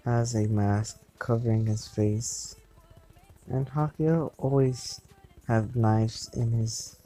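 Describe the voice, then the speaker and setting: Slow guy making up a fan story as he goes, lots of restarts, soft dark voice. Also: mid-range voice, poor audio. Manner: halting, with restarts and repeated words. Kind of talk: improvised fan-fiction narration.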